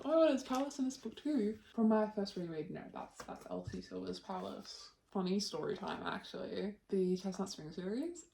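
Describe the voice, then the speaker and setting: A woman's voice: lowish voice, warm tone. A young woman chatting in a casual home vlog, playful and self-deprecating, swearing casually. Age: young adult. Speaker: vlogger. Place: bedroom at home. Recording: roomy home recording, mic at a distance, clear background noise.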